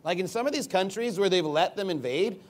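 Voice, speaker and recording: A man's voice: high voice, lively intonation, a little fast. A male pastor preaching a sermon off the cuff. He rambles at times and turns emphatic when he reads scripture.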